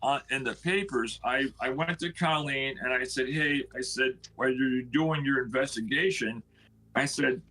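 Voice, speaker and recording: A middle-aged man with a husky, slightly breathy voice tells a long story from his own life. He speaks at an ordinary pitch and pace. He keeps it earnest and acts out what other people said. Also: normal speed, bright, forceful tone, low-quality recording. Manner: earnest storyteller who acts out quoted speech. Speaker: house owner telling its history. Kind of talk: storytelling on a live stream.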